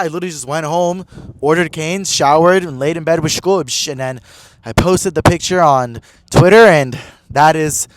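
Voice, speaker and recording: A young man hosting a podcast, telling stories in a gossipy, excitable way full of "like". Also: fairly high pitch. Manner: excitable, gossipy, heavy "like" filler. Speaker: podcast host. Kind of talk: casual chat.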